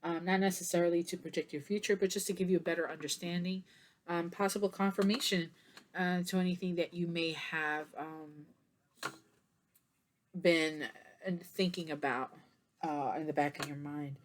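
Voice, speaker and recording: A woman's voice: on the low side, steady tone, normal speed, slight background noise. A tired woman giving a casual tarot reading to camera, chatty and meandering, with many fillers and yawns. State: tired, yawning. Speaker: tarot reader.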